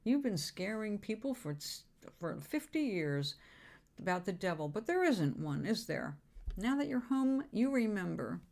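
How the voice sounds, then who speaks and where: A woman voicing an amused spirit guide who gently teases a soul that has just arrived home. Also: mid-range voice, big pitch swings, unhurried, vocal fry. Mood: teasing. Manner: chuckling, gently teasing.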